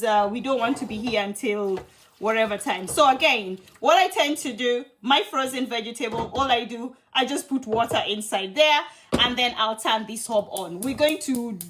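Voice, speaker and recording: Cooking-stream host: woman, high voice, chatty and affectionate with viewers, faint background hiss. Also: a bit bright. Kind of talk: live cooking demo with viewer chat.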